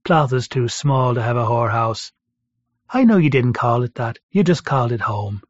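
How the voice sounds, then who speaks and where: A man reading the part of a gruff, talkative prisoner who jokes grimly, in a dull lo-fi recording. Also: medium pitch, expressive, normal speed, no room sound, close to an everyday voice. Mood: joking. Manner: blunt, grimly joking. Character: gruff seasoned male sailor-prisoner, talkative and wry.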